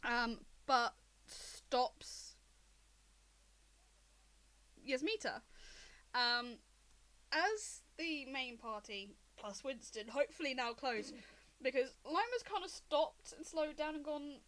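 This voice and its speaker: A woman's voice: high voice, expressive, slow pace, fairly bright tone, low-quality recording. A young adult woman, the game master, narrating a tabletop game on a livestream with rambling ums. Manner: rambling, with frequent ums and laughs.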